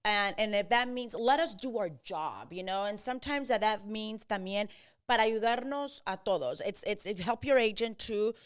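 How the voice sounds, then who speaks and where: A woman real estate agent hosting a casual podcast chat, mixing English with Spanish and acting out clients in quick quotes. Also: mid-range voice, clear, resonant tone. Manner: switches between English and Spanish; animated, acts out buyers and agents in quotes.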